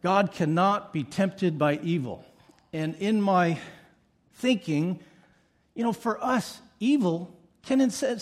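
A middle-aged male pastor preaching a sermon with emphatic repetition and playful asides. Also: high voice.

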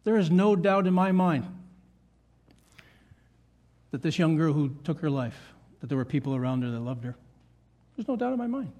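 In a church meeting room, an older pastor with a high, light but darkish-toned voice preaches a sermon to his congregation. He speaks earnestly, repeating key lines to drive them home.

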